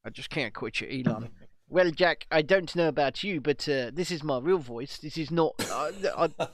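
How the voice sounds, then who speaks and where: A man's voice: fairly high pitch, moderate pace, no echo, lightly acted. A man putting on a mock South African accent as a hesitant, mumbling tech billionaire full of ums. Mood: mock-tender. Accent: put-on South African. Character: impression of a soft-spoken tech billionaire, man.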